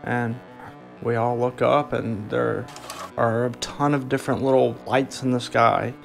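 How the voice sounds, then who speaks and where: A man giving documentary interview testimony about an encounter, speaking haltingly with frequent restarts. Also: mid-range voice, little pitch movement, vocal fry, soft background music.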